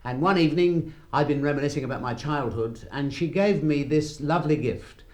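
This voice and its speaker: A man's voice: fairly high pitch, a little fast, darkish tone. A middle-aged man, an actor, telling chatty anecdotes to an audience on stage with asides and chuckles, speaking into a stage microphone. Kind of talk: anecdotal stage talk and poem reading. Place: hall with a live audience. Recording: echoey hall, faint noise.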